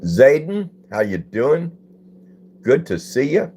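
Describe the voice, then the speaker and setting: Speaking slowly but very animatedly, a casual phone-stream host greets chatters by name and reads their comments in a laid-back manner. His voice is medium in pitch with a darkish tone, and there's a slight hiss or hum.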